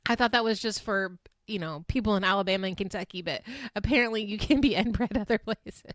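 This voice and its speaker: A woman's voice: medium pitch, fairly quick, fairly bright tone, no echo, clean studio sound. A woman past her twenties hosting a casual, chatty recap. She speaks frankly, swears freely and laughs often between fillers. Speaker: podcast host recapping a reality show.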